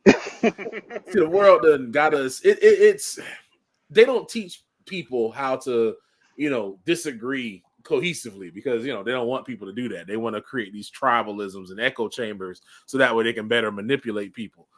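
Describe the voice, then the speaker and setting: A man's voice: medium pitch, normal speed. A man chatting in who talks earnestly and rambles, with a lot of fillers. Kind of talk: casual chat.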